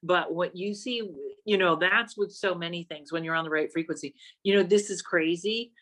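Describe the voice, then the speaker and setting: A woman who works as a psychic, appearing as a podcast guest and telling playful, animated stories in a chatty way. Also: on the low side, normal speed. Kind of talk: casual conversational chat.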